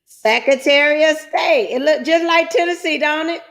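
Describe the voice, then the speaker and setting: In this screen-share tutorial, a trucking business coach walks her audience through online business forms. She is middle-aged, with a high, fairly bright voice at a normal speed, and she keeps things folksy and chatty, addressing viewers as "guys" and "child."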